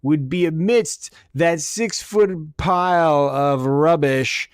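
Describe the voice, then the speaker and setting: A prim older woman , put on by a man, acts primly astonished in an overly proper way. The voice is smooth and slightly raised. It sounds close and dry. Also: fairly high pitch, very animated, unhurried, dry recording. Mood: mock-aghast. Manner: mock-proper, feigned astonishment. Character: prim, falsely shocked older woman hoarder.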